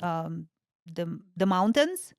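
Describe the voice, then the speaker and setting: A woman in a relaxed interview who pauses to find her words and leans on fillers. She speaks slowly in a smooth, clear voice. The sound is close and dry. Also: fairly low pitch, no echo. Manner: searches for words, hesitant with many fillers. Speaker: guest artist. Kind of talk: casual interview chat.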